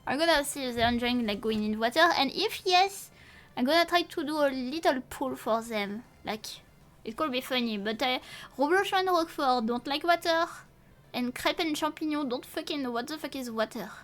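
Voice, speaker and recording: A young woman who speaks natively, chatting casually on a live stream in a rambling, halting way with many restarts and playful swearing. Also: sits high, animated, a bit bright. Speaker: VTuber streamer.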